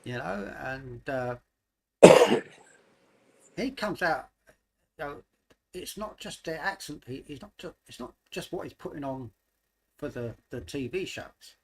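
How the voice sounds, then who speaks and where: A man's voice: on the high side, animated, measured pace, gravelly, long pauses, darkish tone, slight background noise, low-quality recording. A man from the United Kingdom with a mixed British accent, chatting casually as host of a live stream, laughing often and trailing off mid-sentence. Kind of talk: casual chat.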